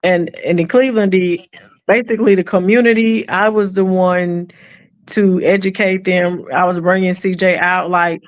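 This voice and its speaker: Woman, animated storyteller, acts out voices, dry close sound. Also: on the low side, moderate pace, no echo. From East Texas. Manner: animated, acts out quoted voices, drops into a whisper when quoting. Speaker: mother of an autistic son, guest. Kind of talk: casual storytelling on a podcast.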